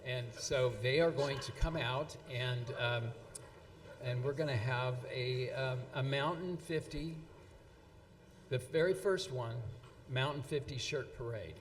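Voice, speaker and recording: Halting man presenting in a hall. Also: mid-range voice, a little hiss or hum. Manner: halting, many fillers and restarts, reading out quotes. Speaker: event presenter. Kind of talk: speech at a live anniversary event. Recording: long hall reverb.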